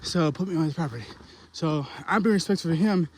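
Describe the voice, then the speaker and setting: Young guy filming himself outdoors on a hunt, winded, loose slangy rambling, slightly high voice, faint noise. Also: fast talker. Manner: rambling, slangy, talks to camera while hiking. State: out of breath. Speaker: hunting vlogger. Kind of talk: casual outdoor vlog. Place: outdoors on a mountain hike.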